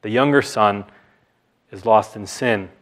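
A man preaching an expository sermon, measured and deliberate, pausing for emphasis. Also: fairly low pitch, a bit bright.

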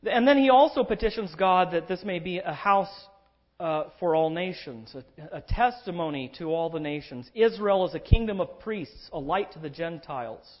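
Animated high-voiced man preaching, husky and lively. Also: normal speed. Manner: emphatic and animated, drawing out key words. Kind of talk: expository sermon. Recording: dull lo-fi recording.

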